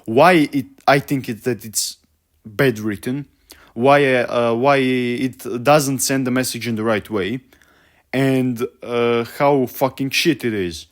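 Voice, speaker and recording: Young man, medium-pitched voice, profane rant, exasperated, halting speech full of fillers. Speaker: vlogger. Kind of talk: ranting book review.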